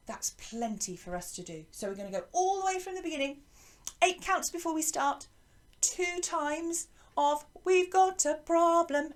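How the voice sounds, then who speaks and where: A woman teaching a singing lesson to schoolchildren, explaining each step patiently and encouragingly. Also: sits high.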